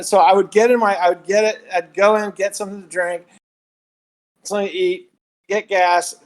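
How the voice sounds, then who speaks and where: High-voiced chatty Southern man. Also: low-quality recording. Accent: Southern American, Texas. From Southern United States. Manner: rambling storyteller with many restarts. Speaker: podcast guest. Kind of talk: casual chat.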